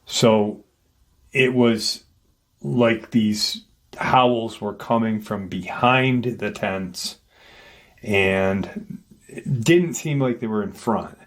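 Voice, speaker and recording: A man with a lowish voice recounting a paranormal encounter at a slow, deliberate pace. He talks hesitantly, restarting sentences and padding them with fillers as he retells what happened. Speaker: paranormal storyteller, channel host.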